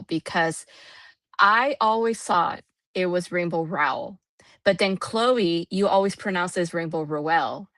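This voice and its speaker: A woman's voice: lowish voice, a bit bright, no echo. A woman co-hosting a casual book club chat over a video call, thinking aloud with frequent restarts.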